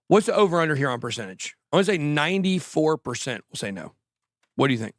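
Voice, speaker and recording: A man hosting a casual crypto livestream, talking quickly and jokily, often trailing off mid-thought. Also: fairly high pitch, big pitch swings, no room sound, clean studio sound. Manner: rambling, quick, jokey, trails off. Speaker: crypto show host.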